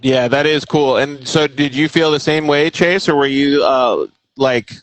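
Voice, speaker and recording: A man's voice: medium pitch, a little slow, poor audio. A man hosting a casual chat show, talking in a laid-back, slangy, rambling way. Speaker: host.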